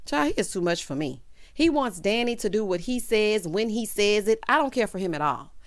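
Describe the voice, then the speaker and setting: Sassy animated woman recapping a show. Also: medium pitch, no echo, studio quality. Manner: animated, sassy, calls listeners child and honey; acts out characters' lines in quick quotes. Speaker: TV recap host. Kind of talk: casual episode recap.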